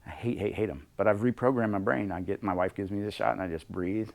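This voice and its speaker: A middle-aged man leading a workshop on leadership, talking in a lively way and acting out bits of dialogue in different voices. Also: lowish voice, quick pace, gravelly. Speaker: leadership coach. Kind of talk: workshop talk. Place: workshop room with a small group.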